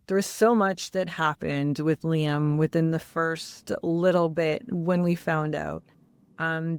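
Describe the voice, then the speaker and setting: A woman speaks slowly and candidly about her family, pausing often and filling gaps with small words. Her voice is smooth and clear, and the recording is close and dry. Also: fairly low pitch, darkish tone, no room sound. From Canada. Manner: candid, halting, many fillers. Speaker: guest, mother. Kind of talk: personal interview storytelling.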